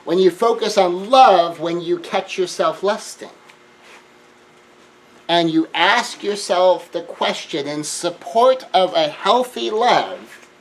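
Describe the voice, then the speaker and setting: A man giving an earnest self-help lecture, shifting between hushed remarks and emphatic raised lines. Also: high-pitched, lively intonation, slow, a little hiss or hum, low-quality recording. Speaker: speaker.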